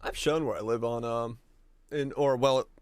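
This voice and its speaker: Mid-range and steady in tone, this young Finnish streamer talks at a moderate pace with a clear, resonant voice, chatting with viewers as he games. He's laid-back, swears plenty and laughs readily, in a non-English language. The recording is dry and studio quality.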